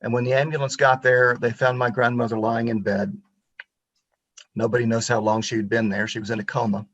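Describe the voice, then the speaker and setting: A man's voice: mid-range voice, level tone, fairly quick, a bit bright, dry recording. Man in his 50s from pensacola telling history stories on a video call, earnest and reflective, dry dull lo-fi sound. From Pensacola, Florida. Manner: storytelling, earnest and reflective, with frequent restarts. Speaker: guest speaker on local history. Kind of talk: talk over a video call. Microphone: computer mic on a video call.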